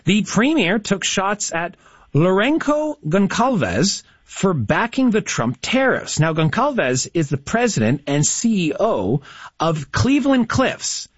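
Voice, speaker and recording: A lively man hosting a radio trivia game, his voice lifting and dipping as he chats with callers. The tone is a touch husky and fairly high for a man. His voice is dry and slightly dull, recorded at a close studio mic. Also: slow, no room sound. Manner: lively, chatty and encouraging with callers. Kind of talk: upbeat radio call-in quiz hosting. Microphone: studio broadcast mic.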